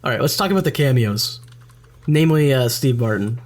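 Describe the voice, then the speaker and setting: A man's voice: mid-range voice, expressive, brisk. A man co-hosting a podcast in casual chat, making dry jokes and swearing casually. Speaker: podcast co-host.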